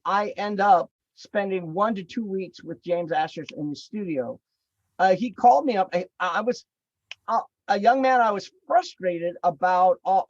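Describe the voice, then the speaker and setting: A man telling stories as a podcast guest, animated, acting out what people said, with lots of fillers and restarts. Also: high voice, no echo, lo-fi sound. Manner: animated storyteller who acts out quoted dialogue; chatty, with many fillers and restarts. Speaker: podcast guest, drum circle facilitator. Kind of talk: casual storytelling interview.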